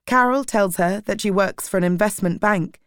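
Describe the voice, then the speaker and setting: A woman narrating an audiobook in a steady, measured way. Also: medium pitch, clean tone, no echo, studio quality.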